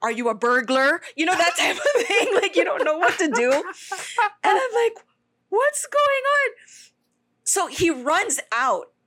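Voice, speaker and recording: Brief: young woman podcast co-host, high voice, big swooping delivery, swears freely, casual storytelling. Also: a little slow. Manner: animated, swears freely, mixes in Tagalog phrases.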